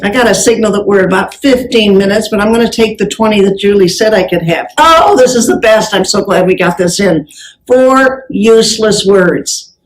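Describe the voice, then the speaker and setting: The rough recording captures a woman's mid-range voice at normal speed as she gives a live, motivational business talk on stage. She's an animated storyteller who brings her anecdotes to life by acting out the conversations.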